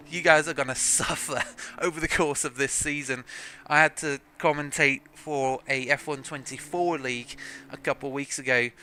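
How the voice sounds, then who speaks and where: Bright-voiced chatty male race commentator. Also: on the high side, a little hiss or hum. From South Africa. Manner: chatty, joking, self-deprecating, laughs often. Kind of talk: live sim racing commentary.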